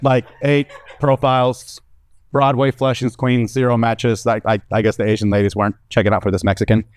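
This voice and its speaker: A young man from the American South with a Southern accent, doing a stand-up comedy set before a live audience with lively storytelling. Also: medium pitch, brisk, clean tone. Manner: animated, lively storytelling with acted-out voices.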